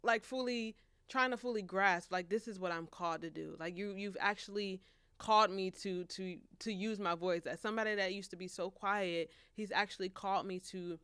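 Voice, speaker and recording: At a normal speed and medium pitch, the young author, a twenty-one-year-old college senior, reflects earnestly during a casual interview centered on faith. She restarts frequently and laughs often, and her clear, resonant voice is a bit bright, with no echo.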